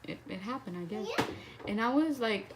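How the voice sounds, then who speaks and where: Chatting at normal speed, a young woman vlogger recounts a personal story, cursing freely and relying heavily on "like." She has an ordinary mid-range pitch, and a constant hiss sits under the audio.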